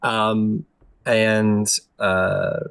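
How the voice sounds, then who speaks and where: A man's voice: on the low side, little pitch movement, very slow, creaky, a bit bright, clear, resonant tone, dry recording, rough recording. A man narrating as game master in a loose, filler-heavy style.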